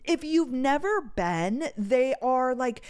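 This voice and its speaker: A young woman hosting her own show, her voice sitting a little high. She tells stories in a loose, animated way, swearing freely and leaning on "like" in nearly every sentence. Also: slow, clean tone. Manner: animated, swearing, lots of "like" fillers. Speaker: podcast host. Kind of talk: casual storytelling chat.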